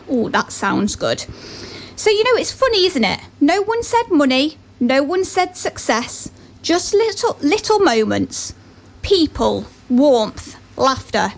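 Brief: high-pitched woman radio presenter, chatty, easy asides between short readings. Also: measured pace. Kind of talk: casual radio chat reading listener quotes.

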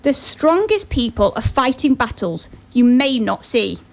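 A woman's voice: a little high, big pitch swings, measured pace. A woman giving an earnest motivational talk and telling a story, with chatty asides.

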